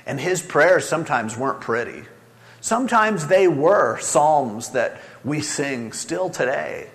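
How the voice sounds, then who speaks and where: Man, pastor preaching a sermon, lively rising and falling voice, slightly high, long hall reverb. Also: slow pace. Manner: earnest, conversational preaching with quoted prayers.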